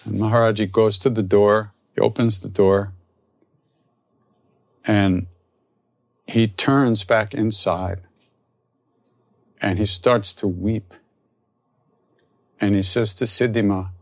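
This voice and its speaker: A man, a spiritual teacher, telling a story and then reflecting softly on spiritual practice. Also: lowish voice, steady tone, unhurried, pauses often, no echo. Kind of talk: storytelling talk.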